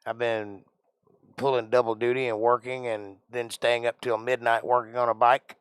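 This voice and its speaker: A man's voice: medium pitch, little pitch movement, normal speed, clean tone, no echo. A man hosting a casual live stream, joking around in a put-on accent and sounding tired. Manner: joking, puts on an odd made-up accent. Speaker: livestream host.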